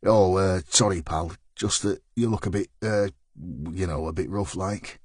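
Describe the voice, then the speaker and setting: A man's voice: low voice, a little slow, no room sound, studio quality, pitched below the performer's own voice. A man voicing a nervous, gossipy male pub landlord who stammers and chatters. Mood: nervous gossip. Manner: stammering, chatty, dialect-heavy.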